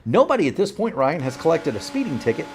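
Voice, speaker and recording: A man's voice: a little high, very animated, fast, slightly rough. A man calling play-by-play for a sim racing broadcast, rambling and correcting himself as he goes, fighting off a bout of hiccups. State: has the hiccups. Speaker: play-by-play commentator.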